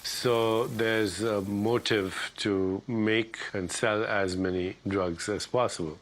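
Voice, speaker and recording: A man speaking thoughtfully in a documentary interview, pausing with fillers. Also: lowish voice, steady tone.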